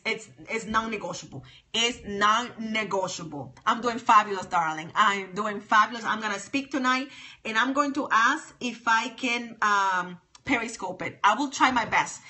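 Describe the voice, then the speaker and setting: A woman's voice: medium pitch, pushed and bright. A woman chatting live with viewers on her phone, emphatic and sassy, repeating her points. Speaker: livestream host. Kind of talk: casual livestream chat with viewers.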